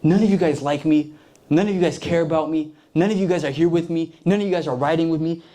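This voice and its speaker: A man's voice: on the high side, fast talker, mellow, natural voice. A man voicing a paranoid, self-pitying king in a sermon retelling, whining and indignant. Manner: whiny, indignant.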